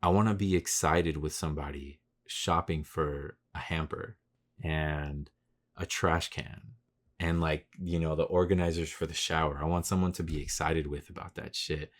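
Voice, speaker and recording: A man in his thirties hosts a solo podcast with a very deep voice at normal speed. He talks casually, swearing a lot and using slang, rambling and turning loud and animated when he rants.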